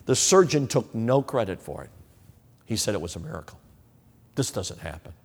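A man's voice: on the low side, sing-song, moderate pace, a little mellow, slightly rough, big-room sound. A man preaching a sermon, acting out the questions of imagined listeners as he goes.

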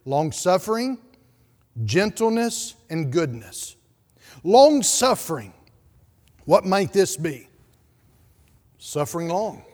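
A man's voice: sits high, darkish tone, long reverb tail. A male pastor preaching a sermon emphatically, with repeated words and rhetorical questions.

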